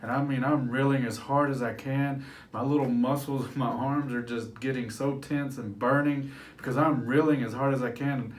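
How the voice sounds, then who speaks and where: Man telling a personal story, animated. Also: medium pitch, moderate pace. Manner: animated storyteller, acts out his childhood voice. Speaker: life coach.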